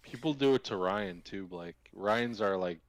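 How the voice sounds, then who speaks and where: Low-voiced man in casual chat. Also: unhurried, dry recording, rough recording. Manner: relaxed, chimes in with short agreements. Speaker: podcast co-host.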